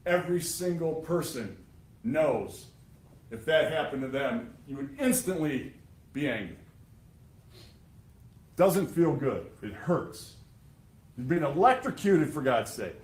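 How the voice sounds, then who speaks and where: A man giving a prosecutor's closing argument to a jury, emphatic and sarcastic. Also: fairly high pitch. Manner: emphatic and sarcastic, addressing jurors. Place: courtroom. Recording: echoey courtroom sound.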